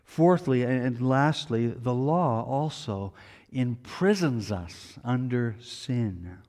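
A male pastor delivers a storytelling sermon at a mid-range pitch. He builds to emphatic, raised peaks, then sinks to hushed, low appeals. His voice rings out with the long reverb of a church hall. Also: lively intonation, slow.

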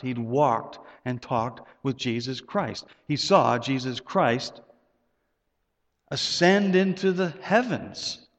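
A man preaching a sermon as pastor, conversational, repeating words, with sudden rises in pitch. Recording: muffled sound with long hall reverb.

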